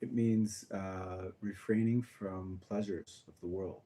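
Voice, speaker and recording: A man teaching a small class as a rabbi, talking casually about a text with halting phrasing, many fillers and restarts. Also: low-pitched, steady tone, noisy background.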